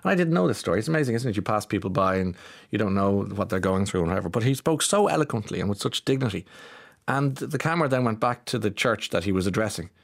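Rambling through stories and texts on his morning radio show, a self-mocking Irish man speaks in a fairly low, animated voice with vocal fry. He talks quickly, keeping the tone chatty.

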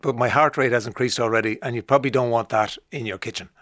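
An Irish man hosting a radio talk show, chatty and jokey, dropping into quick playful impressions. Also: medium pitch, steady tone, a bit bright, no echo, clean studio sound. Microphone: studio microphone.

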